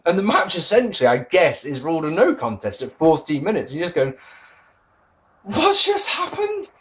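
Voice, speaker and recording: A man's voice: a little high, sing-song, fast talker. A man giving a casual spoken review, sarcastic and exasperated, swearing freely. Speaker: wrestling reviewer.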